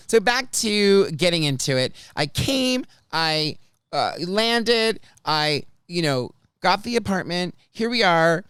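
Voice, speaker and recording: A man hosting a podcast, telling stories from his life in a chatty, animated way. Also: on the high side, clean tone, no echo, clean studio sound. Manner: chatty, animated, restarts and laughs often. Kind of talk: casual storytelling chat.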